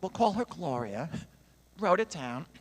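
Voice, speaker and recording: Expressive male storyteller in a reverberant church. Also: on the high side, measured pace. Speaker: songwriter and guest speaker. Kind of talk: sermon storytelling. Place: church sanctuary. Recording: long reverb in a large hall.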